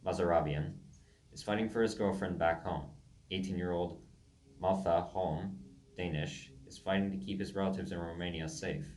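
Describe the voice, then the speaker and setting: Young guy reading his own stories, really deep low voice, trips over names, echoey room with faint hum. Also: fairly even intonation, normal speed, a little mellow. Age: young adult. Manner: stumbles over foreign names and corrects himself aloud.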